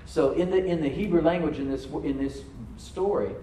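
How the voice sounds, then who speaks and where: A man preaching to a congregation, reading scripture aloud and then dropping to a soft voice to stress a point, calling for responses from the room. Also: a little high, moderate pace, echoey room, a little hiss or hum, low-quality recording. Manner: asks the congregation to answer back. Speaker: pastor. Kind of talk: sermon. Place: church service with a live congregation.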